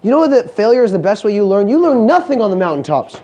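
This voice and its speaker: On a conference stage, a man gives a live motivational talk in a very high-pitched voice, speaking fast with hardly any pauses. He is animated, cracks jokes, and quizzes the audience. The sound is lo-fi.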